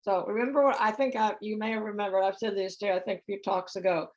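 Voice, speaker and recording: A woman's voice: medium pitch, fairly even intonation, fast, lo-fi sound. A middle-aged woman giving a conversational talk about relationships, often putting questions to her audience. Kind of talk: spiritual center talk.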